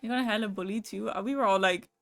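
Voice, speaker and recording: A woman's voice: mid-range voice, very fast, fairly bright tone, soft background music. A young adult woman streaming live, chatting casually with her viewers, swearing lightly and laughing as she goes. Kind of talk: casual livestream chat with viewers.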